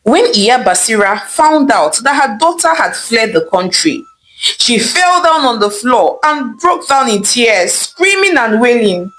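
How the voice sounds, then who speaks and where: A woman narrating a folk tale in a scripted, lively storytelling manner. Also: fairly high pitch, unhurried, rough recording.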